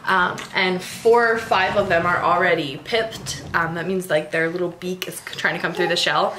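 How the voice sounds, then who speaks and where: A woman's voice: fairly low pitch, fairly even intonation, normal speed, pushed and bright, slight background noise. Chatty young woman vlogging at home. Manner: rambling, with frequent ums and laughs. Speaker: vlogger and mother. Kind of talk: casual chatty vlog. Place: home dining room, indoors.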